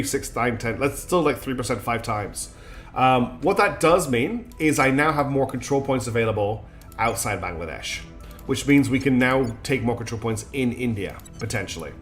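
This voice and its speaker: A man's voice: mid-range voice, animated, normal speed, faint music behind. A man with a mixed British accent that carries Scottish and Australian traces. He gives live game commentary, thinking aloud with many fillers. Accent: mixed British English with Scottish and Australian traces. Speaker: streamer.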